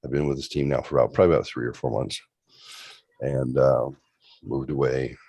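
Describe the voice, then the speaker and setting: A man's voice: extremely low pitch, steady tone, brisk, creaky, warm tone, slightly rough, no room sound. A man in his forties casually telling a long story on a livestream, loose and profane, with lots of rambling asides. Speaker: show host.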